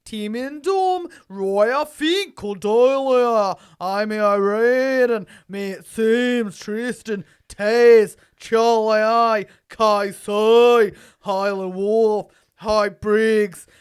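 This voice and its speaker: A woman's voice: on the high side, drawn-out words, clear, resonant tone. A woman voicing a cheery Australian woman in a bubbly, mock-Australian accent.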